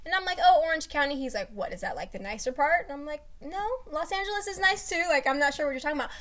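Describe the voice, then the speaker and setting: A woman's voice: high-pitched, animated, fast talker, fairly bright tone. A young American woman co-hosting a podcast, telling stories playfully, laughing often and acting out quotes. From United States. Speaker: podcast co-host. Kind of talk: casual chat, storytelling.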